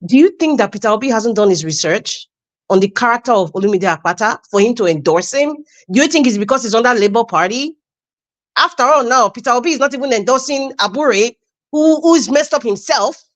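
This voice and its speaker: High-voiced Nigerian woman, emphatic, scornful debate speaker. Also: lively intonation, a little fast. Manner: emphatic, scornful, restarts often. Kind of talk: impassioned political argument.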